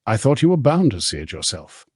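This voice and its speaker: A man with a husky voice reading the part of a hurt, defensive young male daemon in an audiobook. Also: medium pitch, very animated, brisk, dry recording, clean studio sound. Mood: earnest.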